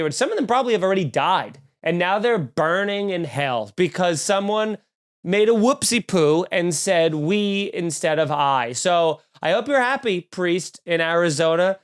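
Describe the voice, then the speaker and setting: A man with a fairly high voice hosts a comedy podcast. He rants in a snarky, animated, profane way and keeps riffing as he goes. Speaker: podcast host. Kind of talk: comedic ranting.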